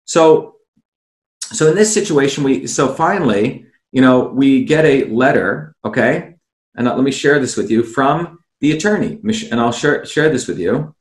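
A man's voice: mid-range voice, expressive, moderate pace, roomy sound. A man guest on a video call, explaining insistently, asking rhetorical questions and addressing the host by name. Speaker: interview guest, former candidate.

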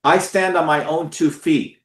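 A man's voice: a little high, steady tone, a little slow, fairly bright tone. Fiery, profane man in an echoey room. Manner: profane, emphatic, repeats words for stress. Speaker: political speaker. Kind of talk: impassioned talk to followers.

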